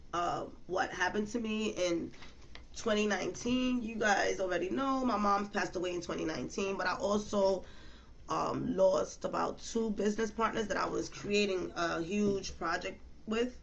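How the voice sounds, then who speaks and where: A woman with a gravelly, creaky edge to her voice chats through a tarot reading and calls her viewers y'all. Her pitch sits in a middle range. Faint noise hums under the recording. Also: normal speed, lo-fi sound. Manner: chatty, slangy, addresses viewers as y'all. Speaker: tarot reader. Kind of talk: casual tarot reading livestream.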